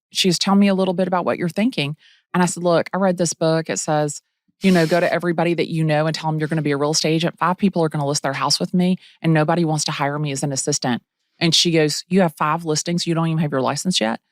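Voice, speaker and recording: A middle-aged woman from the Atlanta area, a real estate agent telling her story in a casual interview, bubbly and animated, acting out quotes. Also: low-pitched, quick pace, no room sound, clean studio sound.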